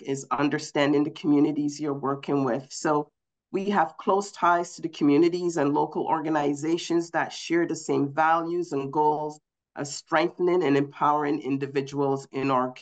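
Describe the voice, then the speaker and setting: Female panelist, stuffy and short of breath, steady measured delivery with fillers. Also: deep voice. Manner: measured, with frequent ums. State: congested from a cold, a bit out of breath. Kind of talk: conference panel remarks.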